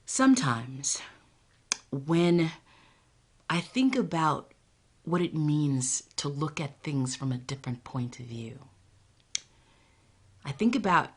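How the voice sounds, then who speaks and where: A woman storyteller telling a folktale and reflecting, often dropping into a hushed, intimate whisper. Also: low-pitched, expressive, slow, long pauses, breathy edge. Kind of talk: live storytelling.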